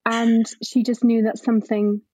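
Husky woman telling her story frankly. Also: a little high, moderate pace, no room sound, low-quality recording. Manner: frank, expressive, swears casually. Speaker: guest, grief and drama therapist. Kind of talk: candid conversational storytelling.

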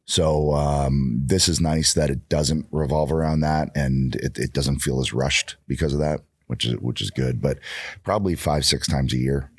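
A man in his fifties, a guest wrestler, chatting casually in a raspy morning voice. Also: normal speed, dry recording, clean studio sound. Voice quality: deep and husky. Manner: laid-back, self-deprecating chat. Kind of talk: casual chat. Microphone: studio microphone.

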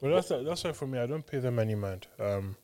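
A man's voice: mid-range voice, animated, quick pace, dark tone. A man co-hosting a casual podcast, telling stories with slangy enthusiasm. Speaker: podcast co-host. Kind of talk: casual chat.

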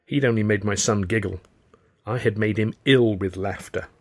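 A man reading his own novel aloud in first person, with wry, measured storytelling. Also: fairly low pitch, fairly even intonation, noisy background. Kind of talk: first-person audiobook narration.

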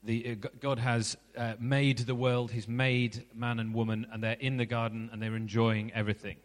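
Conversational preacher in a hall. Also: male voice, mid-range voice, flat delivery, normal speed. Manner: conversational, asks reflective questions. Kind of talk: sermon.

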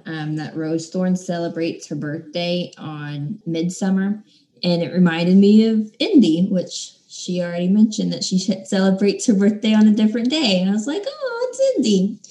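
A young woman chatting casually about a book she loves. She has a mellow, warm tone. She keeps retelling scenes and slips into playful voices for the characters. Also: fairly low pitch, echoey room. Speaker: book podcast co-host.

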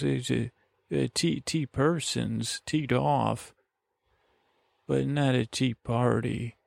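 A man's voice: mid-range voice, creaky, darkish tone, no room sound. A man hosting a bedtime podcast, rambling in meandering circles and interrupting himself to help listeners fall asleep. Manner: meandering, self-interrupting, drowsy. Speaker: podcast host. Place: lakeside vacation spot.

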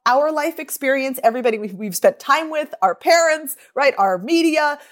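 American woman, animated voice coach. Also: high-pitched, moderate pace. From United States. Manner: enthusiastic, explains with emphatic rising lists. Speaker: guest, voice coach and author. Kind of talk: casual remote podcast chat.

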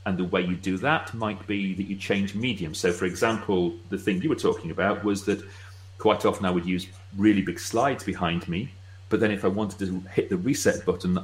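A middle-aged British man speaking as a guest expert, explaining with brisk, wry asides. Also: deep voice, rough recording. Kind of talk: casual explanatory chat.

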